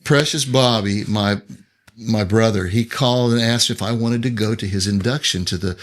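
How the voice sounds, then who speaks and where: A man's voice: fairly low pitch, moderate pace. A man, a songwriter guest, telling stories in a casual, chatty interview and acting out what other people said. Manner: animated anecdote-telling, acting out others' lines; loose, chatty phrasing with restarts.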